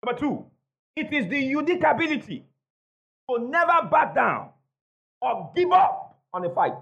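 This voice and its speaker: Emphatic preacher with a lively, high voice. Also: male voice, normal speed, gravelly, lo-fi sound. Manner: emphatic preacher, repeats key phrases, call-and-response with congregation. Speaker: pastor. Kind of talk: sermon. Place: church hall before a congregation.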